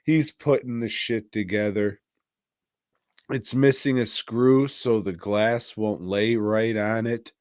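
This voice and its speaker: A man's voice: on the low side, steady tone, takes it slowly, darkish tone, clean tone, no echo, studio quality. A man co-hosting a podcast who retells movie plots in a rambling, profane, casual way. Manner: rambling, profane, laughing at his own story. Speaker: podcast co-host. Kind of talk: casual movie-recap chat.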